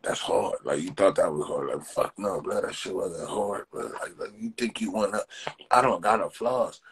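A man's voice: low-pitched, moderate pace, a little hiss or hum. A man hosting a casual livestream, ranting and mocking viewers in profane street slang, repeating himself. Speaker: livestream host.

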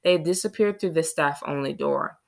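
A woman narrating a children's novel in a steady storytelling read. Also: low-pitched, normal speed, gravelly. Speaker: audiobook reader. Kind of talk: scripted narration.

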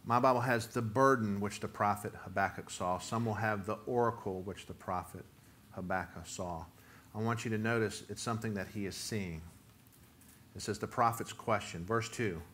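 A man delivers a sermon in a bright, forceful voice. He reads scripture steadily, then turns emphatic and loud when he voices the cries of the text. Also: on the low side, moderate pace, slight background noise. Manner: emphatic preaching, rising to near-shouts when voicing the prophet's complaint. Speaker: pastor.

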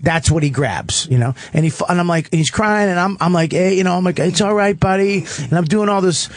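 A man in his thirties or forties, a comedian guest in casual radio banter, rambling with lots of swearing and quick laughs. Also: on the high side.

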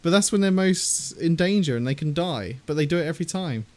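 A young English man chats loosely over a game stream, rambling through odd trivia with frequent giggles. His voice sits a touch high for a man, and he reads out messages from viewers. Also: animated, brisk, a little mellow. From England. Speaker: streamer reading chat. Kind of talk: casual gaming chat.

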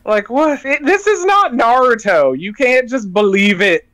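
A man with a high voice trades comedic banter on a podcast, laughing as he talks. His pitch bounces widely, and a faint noise runs under the recording. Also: animated, a little slow. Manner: incredulous, laughs mid-sentence. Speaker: podcast co-host.

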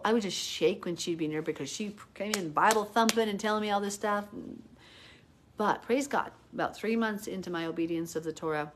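A middle-aged woman giving a live Bible teaching, talking in a hyper, chatty way full of "like" and turning earnest and emotional as she tells her story. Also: lowish voice. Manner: earnest and emotional when retelling prayer.

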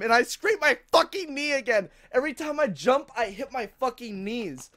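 A woman's voice: high-pitched, lively intonation, normal speed, hardly any pauses. A young woman streaming a horror game, shrieking in fright, swearing heavily and laughing nervously.

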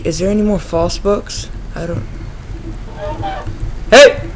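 A young man giving excitable let's play commentary on a horror game, yelping and shouting when startled. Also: high-pitched, takes it slowly. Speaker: gaming YouTuber.

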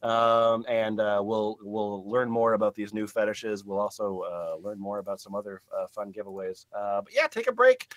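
A man hosting a casual comedy podcast, laughing often and breaking into loud outbursts between rambling fillers. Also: on the low side, normal speed, few pauses, no room sound. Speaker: podcast host.

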